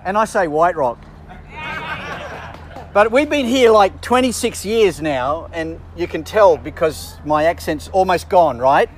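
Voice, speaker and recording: A man's voice: high voice, expressive, moderate pace, hardly any pauses, a little hiss or hum. A man preaching a sermon in a chatty, self-deprecating way with joking asides. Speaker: bishop preaching.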